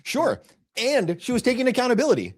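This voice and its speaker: Lively, encouraging interview host. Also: mid-range voice, brisk, slightly rough. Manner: encouraging, short reactive prompts. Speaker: podcast host. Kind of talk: casual interview.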